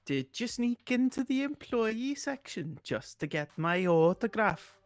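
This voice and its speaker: A man's voice: high voice, sing-song, measured pace, no echo, pitched above the performer's own voice, exaggerated voice. A man voicing a bubbly young woman who works as an arcade's flamingo mascot, in a put-on Welsh accent and a chirpy, show-off manner.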